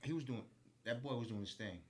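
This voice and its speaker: A man's voice: mid-range voice, quick pace. A man co-hosting a casual chat, blunt and tripping over repeated words. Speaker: podcast co-host.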